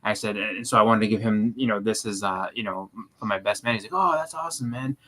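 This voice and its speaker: A man's voice: lowish voice, little pitch movement, quick pace, fairly bright tone, rough recording. A man co-hosting a casual chat, rambling with many restarts and fillers. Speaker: co-host.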